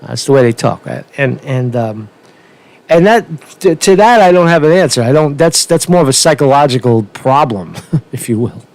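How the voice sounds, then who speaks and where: A man's voice: mid-range voice, animated, moderate pace, gravelly, a little mellow. A man giving a casual, rambling opinion rant as a political vlogger, swearing often and restarting his sentences. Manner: rambling, profane, with many restarts.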